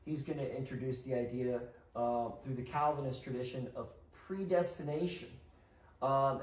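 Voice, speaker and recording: This man has a fairly high, slightly mellow voice as he co-teaches a relaxed history lesson. He keeps things conversational and repeatedly checks in with a "right?", captured by a mic set far back in a roomy space.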